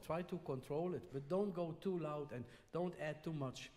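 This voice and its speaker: Guy teaching trumpet in a big echoey hall, fairly high voice, keeps going "yeah?". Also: moderate pace, background noise. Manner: patient, frequently checks in with "yeah?". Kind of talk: masterclass coaching. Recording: long hall reverb.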